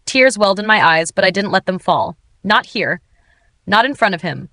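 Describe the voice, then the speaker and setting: A woman's voice: mid-range voice, animated, moderate pace, pushed and bright, no echo. Woman narrator for a romance audiobook, emotional and dramatic, dry close recording. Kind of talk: first-person scripted narration.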